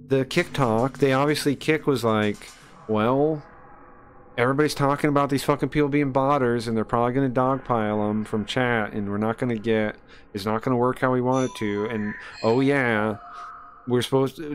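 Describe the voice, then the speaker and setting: A man's voice: medium pitch, a little hiss or hum. A man streaming a game while ranting casually and indignantly, swearing often and laughing mid-sentence. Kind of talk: casual rant while gaming.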